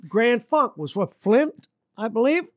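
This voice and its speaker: A man's voice: a little slow, no room sound, clean studio sound. A man from Detroit, a musician guest, telling stories in a casual interview, jumping his voice up for quoted lines. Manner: animated storyteller, swings his voice up high for quoted lines.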